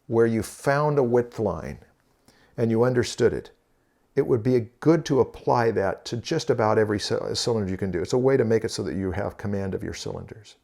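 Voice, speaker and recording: A man's voice: lowish voice, animated, brisk, gravelly, darkish tone. Playful man co-hosting a drawing lesson. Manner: playful joking banter. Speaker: drawing instructor co-host. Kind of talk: casual teaching chat.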